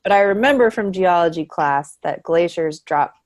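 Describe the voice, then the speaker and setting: A woman's voice: on the low side, lively intonation. A woman leading casual introductions on a video call, chatty and easygoing. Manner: friendly and chatty, quick to laugh. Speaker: meeting facilitator.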